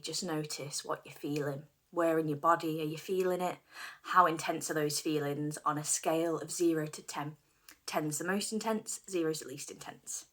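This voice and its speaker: Lower-voiced woman leading guided tapping. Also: bright, forceful tone. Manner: slow repeat-after-me phrases, some dropped to a whisper. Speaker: tapping practitioner.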